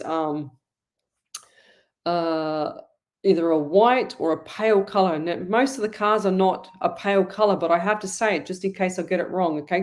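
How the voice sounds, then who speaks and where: A middle-aged Australian psychic medium, her voice on the low side with a darkish tone, does a live online reading. She responds to viewer comments in a rambling, chatty manner with plenty of restarts.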